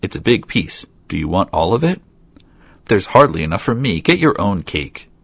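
A man's voice: sits low, big pitch swings, normal speed, vocal fry, a bit bright, slightly rough, no echo, exaggerated voice. A man voicing a spoiled, envious young stepsister in a storybook reading, bratty, whiny and demanding, in a dull, dry lo-fi recording. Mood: rude, demanding.

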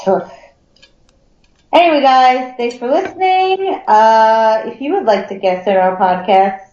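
Higher-voiced woman in a roomy mix. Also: measured pace, a little mellow. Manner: wry, teasing. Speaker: podcast co-host. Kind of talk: casual podcast chat. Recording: roomy, dull lo-fi sound.

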